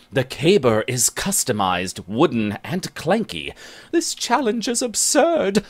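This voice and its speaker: A man narrating a comic rhyming ballad in a slow, storytelling way. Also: medium pitch.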